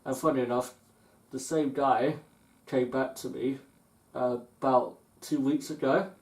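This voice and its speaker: A man's voice: medium pitch, steady tone, unhurried, darkish tone. A man co-hosting a casual podcast chat and telling stories from his workplace. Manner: storytelling, acts out angry customers in anecdotes. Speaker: podcast co-host. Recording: echoey room.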